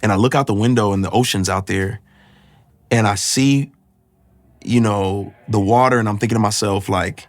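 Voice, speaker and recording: Man, personal testimony, emotional and halting, fairly low voice, dry close sound. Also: dry recording. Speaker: guest sharing his testimony.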